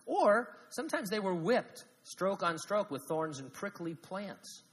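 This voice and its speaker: A pastor delivers a sermon with lively swings from booming emphasis to near-hushed asides, slipping in jokes along the way. His voice sits a little high for a man. The sound carries the long reverb of a church sanctuary. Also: unhurried. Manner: animated, swings from loud to hushed, jokey asides.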